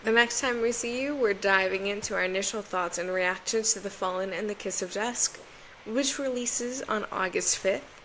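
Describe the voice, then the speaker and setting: A young woman co-hosting a book podcast in a relaxed, playful chat, tripping over fantasy names. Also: medium pitch, normal speed, slight background noise, poor audio. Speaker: podcast co-host. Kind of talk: casual chat.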